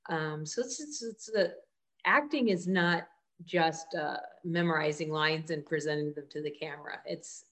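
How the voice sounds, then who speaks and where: A woman's voice: low voice, normal speed, a bit bright. A woman hosting an interview, engaged and asking follow-up questions about acting. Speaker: interview host. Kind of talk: conversational interview.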